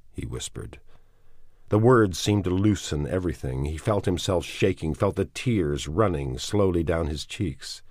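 A man reading a novel aloud as audiobook narration, in a measured and somber way. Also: a bass voice, a little mellow, slightly rough, no room sound, studio quality. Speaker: audiobook reader.

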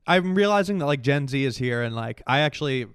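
A man's voice: medium pitch, lively intonation, brisk, smooth, no room sound, clean studio sound. A man co-hosting a casual podcast, teasing his friend with crude banter. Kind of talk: casual chat.

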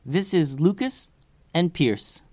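A man voicing a small, gentle female mist fairy with a soft, friendly manner. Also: fairly high pitch, animated, slow, no echo, pitched above the performer's own voice.

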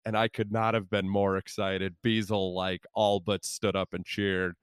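Podcast co-host, male, resonant and a bit low, profane and self-interrupting, close dry mic. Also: level tone, a little slow, clean tone, no room sound. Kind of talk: casual sports chat.

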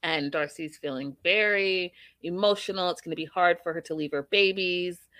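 Woman host, low-pitched, casual TV-recap chatter, dry close recording. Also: moderate pace, no echo. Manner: chatty, animated, acts out quotes with rising pitch. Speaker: podcast host reviewing reality TV.

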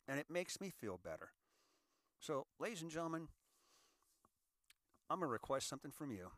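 Bright-voiced man in his sixties, folksy host. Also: fairly high pitch, no room sound, clean studio sound. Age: 60s. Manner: folksy, repeats words, warm advice tone. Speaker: show host. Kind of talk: casual monologue to listeners.

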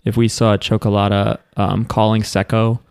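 A man's voice: fairly low pitch, monotone, moderate pace, vocal fry, a little mellow, clear, resonant tone, no room sound, studio quality. A man co-hosting a podcast, making wry, joking asides in casual chat. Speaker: podcast co-host.

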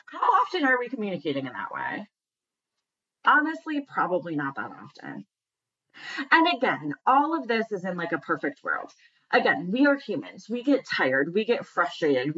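A woman's voice: mid-range voice, very animated, normal speed, fairly bright tone, highs cut off. A woman talking casually and earnestly about communication, asking many rhetorical questions. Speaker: speaker on communication. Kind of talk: casual monologue.

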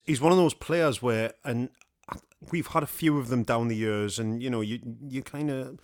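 A man's voice: mid-range voice, moderate pace, dry recording, clean studio sound. A man hosting a casual football chat, rambling and joking with his co-hosts. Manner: jokey, laughs often, rambling. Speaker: podcast host.

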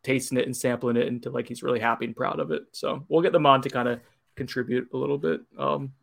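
A man's voice: mid-range voice, steady tone, quick pace, creaky, a bit bright. A man co-hosting a whiskey podcast, chatting casually and rambling with lots of "like" fillers. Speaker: podcast co-host. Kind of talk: casual chat, whiskey tasting.

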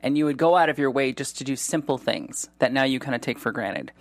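A man hosting a podcast, talking casually with many fillers and restarts, getting animated as he tells stories. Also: medium pitch, brisk, dry recording. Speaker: podcast host. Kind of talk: casual chat.

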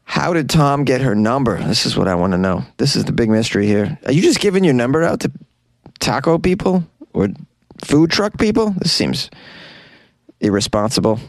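A man hosting a comedy news podcast, joking around in an animated way and laughing at his own jokes. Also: mid-range voice, normal speed, vocal fry, dry recording. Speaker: podcast host.

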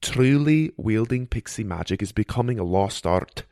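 A man voicing a gruff male fairy mentor who talks low and quiet with dry teasing. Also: lively intonation, normal speed, dry recording. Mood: instructive.

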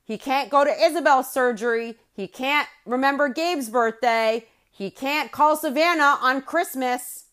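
A woman with a somewhat high voice recaps a reality show on her podcast. She sounds indignant and opinionated, swinging from loud outbursts to quiet, slower stretches. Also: clean tone. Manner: opinionated and indignant, with sharp swings in loudness and pace. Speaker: podcast host.

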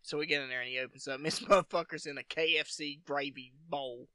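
A man's voice: fairly high pitch, fairly even intonation, fast, sharp tone, no room sound. A man hosting a podcast, telling long profane stories in casual chat, laughing often. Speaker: podcast host.

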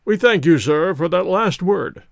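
A man's voice: high voice, big pitch swings, normal speed, dry recording, studio quality. A man doing a wry bantering adventurer. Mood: mocking.

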